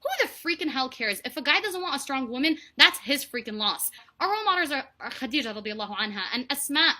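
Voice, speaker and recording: This young woman talks at a rapid clip in a high, lively register, her tone bright and sharp. She tells her story with mounting indignation and a steady stream of "like" fillers, like a personal vlog. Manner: indignant, heated, heavy on "like" fillers. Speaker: vlogger.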